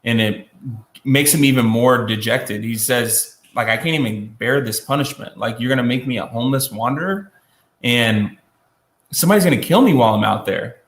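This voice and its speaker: A man teaching a Bible lesson in a casual, conversational way, with many fillers and restarts and quick acted-out quotes. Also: medium pitch, reverberant.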